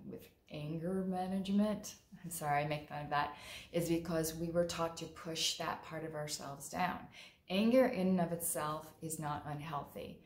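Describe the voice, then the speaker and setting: Low-voiced woman therapist talking frankly. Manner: frank and conversational, acts out quotes vividly. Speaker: mental health therapist. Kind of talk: casual monologue talk. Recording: roomy echo.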